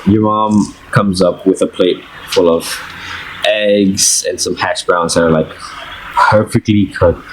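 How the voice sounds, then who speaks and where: Low-voiced man running a tabletop game. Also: slow, slight background noise, low-quality recording. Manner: relaxed, laughs often, uses fillers. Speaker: game master.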